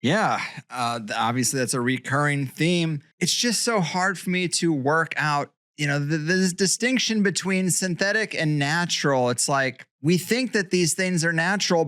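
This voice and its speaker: A man's voice: fairly high pitch, pushed and bright, no echo. Male podcast host, probing, thinks aloud, dry close-miked sound. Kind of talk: conversational podcast interview.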